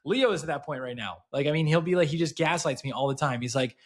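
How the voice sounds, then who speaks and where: A man in his thirties co-hosting a podcast, chatting casually and telling animated stories with lots of restarts. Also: fairly high pitch, fast. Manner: animated storyteller, many restarts. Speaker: podcast co-host. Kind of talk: casual chat.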